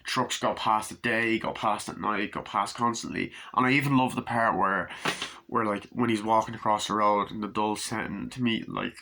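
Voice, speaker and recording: A man giving a casual, rambling movie review, swearing freely and acting out scenes in high put-on voices, recorded on a camera mic. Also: steady tone, moderate pace, vocal fry, bright, forceful tone.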